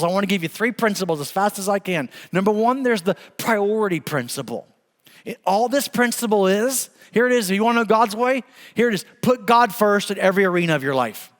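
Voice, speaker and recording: A middle-aged man preaching a sermon, telling stories with humor in an animated way. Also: high voice, fairly quick, in a large hall. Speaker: pastor. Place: church sanctuary.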